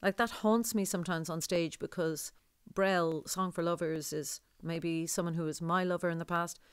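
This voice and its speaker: A woman with a deep voice, a singer talking in an interview in a rambling, digressive way. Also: fairly even intonation, normal speed, clear, resonant tone, no echo, studio quality. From Ireland. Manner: rambling, digressive, laughs often. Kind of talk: conversational interview.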